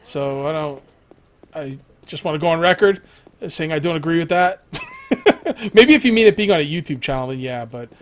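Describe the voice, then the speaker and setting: A man's voice: on the high side, expressive, a little fast, a little hiss or hum. A young man chatting casually on a game live stream, rambling, laughing often and reading viewers' messages aloud.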